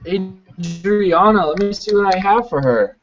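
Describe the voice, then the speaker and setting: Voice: medium pitch, measured pace, muffled recording, faint music behind. A co-host reading viewer questions on a casual online call and nudging the guests to answer. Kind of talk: casual chat.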